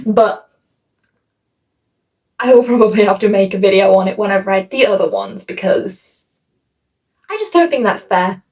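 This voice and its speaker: A woman's voice: mid-range voice, normal speed, pauses often. Chatty rambling young-sounding woman reviewer. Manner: chatty, rambling, self-mocking; animated voice shifts for quoted asides. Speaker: book reviewer. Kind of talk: casual vlog review.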